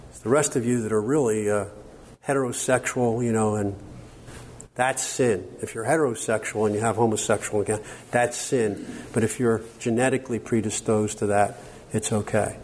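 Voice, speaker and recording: A man of medium pitch and darkish tone lectures at a moderate pace, with a little hiss or hum in the background. As a conference workshop speaker, he's emphatic and chatty, regularly checking in with "okay?"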